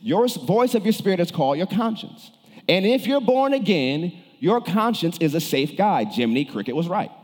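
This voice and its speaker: A man's voice: high voice, sing-song, normal speed, darkish tone, big-room sound. A male pastor preaching a sermon, turning to the congregation with questions and cues. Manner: preaches with shifting emphasis, calls on the congregation.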